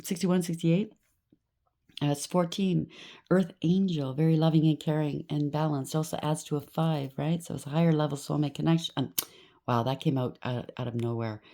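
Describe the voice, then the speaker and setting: Low-voiced woman giving a tarot reading. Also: fairly even intonation, moderate pace, warm tone. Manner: addresses viewer directly, frequent "okay?" check-ins; acts out quoted voices with sudden rises. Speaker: tarot reader. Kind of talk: tarot card reading for viewers.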